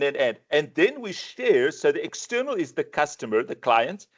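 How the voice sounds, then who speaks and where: A man with a South African accent presenting a sales training webinar, animated and given to repeating his words as he starts a thought. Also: a little high, normal speed.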